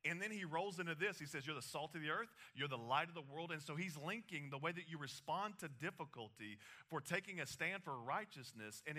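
A man preaching a sermon, animated, with casual asides and laughs, a parent of young children. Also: on the high side. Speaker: pastor.

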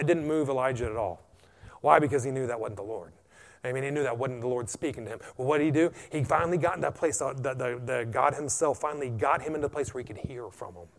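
American pastor preaching with dramatic swings. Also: male voice, medium pitch, gravelly. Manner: preaching with frequent "amen" and swings from loud to hushed. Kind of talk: sermon.

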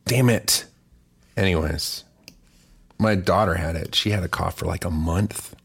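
A man's voice: deep voice, measured pace, vocal fry, fairly bright tone, slightly rough. A musician with a cough chatting casually as host of his song club, rambling, profane and jokey. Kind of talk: casual livestream chat.

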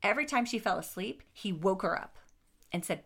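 A woman's voice: mid-range voice, brisk, creaky. A woman hosting a podcast, casually recounting a true crime case with lots of asides and swearing. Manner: expressive, swears, frequent asides and restarts.

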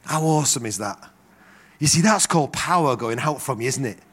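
A middle-aged man delivers a sermon at a medium pitch and a fairly quick pace. He tells stories with animation and acts out the voices of the people in them.

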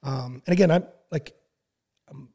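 A man in his thirties telling a long story in casual chat, with many fillers and frequent throat clearing. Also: mid-range voice, a little slow. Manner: relaxed, filler-heavy, clears throat often. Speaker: podcast guest.

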